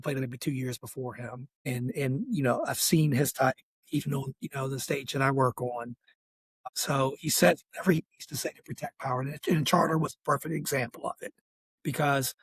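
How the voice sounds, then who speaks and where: A man with a Southern Maryland country accent, talking politics in an emphatic rant on a podcast. His voice is husky and a little breathy, and the sound is dry and close with no room echo. He leans hard into each point. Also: medium pitch. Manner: emphatic, ranting. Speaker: podcast guest. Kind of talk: casual political discussion.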